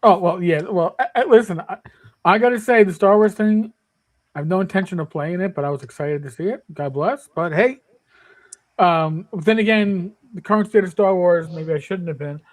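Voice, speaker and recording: High-voiced man in his fifties, emphatic. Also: normal speed, rough recording. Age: 50s. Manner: emphatic, repeats words when starting. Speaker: panelist. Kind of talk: casual podcast chat.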